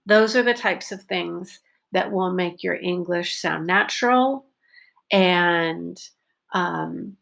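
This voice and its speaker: A woman teaching pronunciation, talking slowly and carefully and repeating example sentences. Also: on the low side, vocal fry. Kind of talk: unscripted pronunciation lesson.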